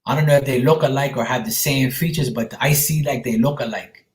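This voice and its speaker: A man talks casually and reassuringly, giving a medium's reading to a viewer and calling her sweetheart. His voice sits at an ordinary pitch for a man. The room around him is echoey. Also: fairly quick. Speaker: psychic medium.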